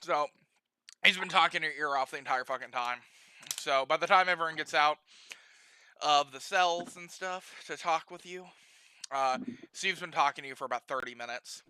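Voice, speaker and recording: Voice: medium pitch, moderate pace, pushed and bright, smooth. A game master narrating a homebrew tabletop session in a casual, profane way, laughing often.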